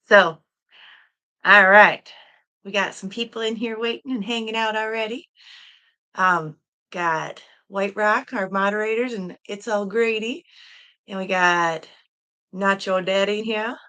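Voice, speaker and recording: A Michigan woman hosts a casual solo livestream from home, in a room with a quilt hanging on the wall, chatting and giggling as she greets viewers by name. Her mid-range voice is pushed, bright, and smooth, and she speaks slowly with frequent pauses.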